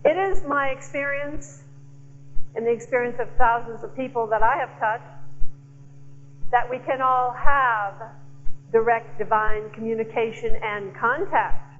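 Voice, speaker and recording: A woman speaker giving a slow, emphatic inspirational talk to a church audience, teasing the crowd now and then. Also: a little high, steady tone, fairly bright tone, highs cut off, faint music behind. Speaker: guest speaker.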